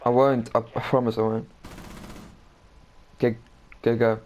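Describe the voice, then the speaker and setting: A man's voice: mid-range voice, flat delivery, measured pace, darkish tone, highs cut off. Dry, blunt man on game chat. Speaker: gamer.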